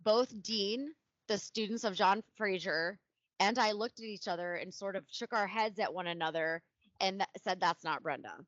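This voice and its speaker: A woman co-hosting a casual true crime podcast, reading case details aloud with blunt, animated asides. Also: medium pitch, moderate pace, no echo. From Ohio. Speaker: podcast co-host. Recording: dull lo-fi sound.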